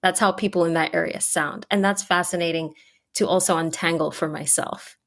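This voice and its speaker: A woman hosting a podcast interview, chatting casually with many "like" fillers and speeding up when excited. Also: lowish voice, normal speed. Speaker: podcast host.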